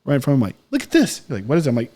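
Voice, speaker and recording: A man's voice: medium pitch, racing, mellow. A young man co-hosting a podcast, telling stories in casual chat and rambling through his thoughts with lots of fillers. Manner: rambling, lots of "like" and quoted asides. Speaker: podcast co-host.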